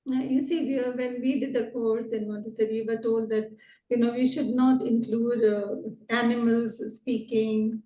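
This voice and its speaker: A woman's voice: on the high side, flat delivery, normal speed, warm tone, reverberant, far from the mic, slight background noise, rough recording. A woman who founds schools and trains teachers, politely asking a question, hesitant with fillers. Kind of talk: question in an online talk.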